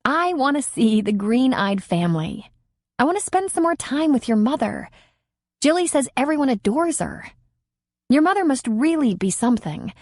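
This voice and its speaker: A woman's voice: sits high, sing-song, normal speed, a little mellow, no room sound, clean studio sound, pitched above the performer's own voice, exaggerated voice. A woman reading as an eager young woman in love. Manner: eager, wistful.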